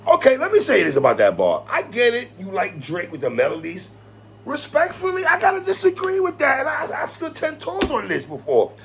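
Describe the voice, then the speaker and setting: A man hosting a hip-hop commentary vlog, talking in a slangy, animated way, laughing and quoting lyrics. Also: high-pitched, normal speed, gravelly, a little hiss or hum. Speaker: host.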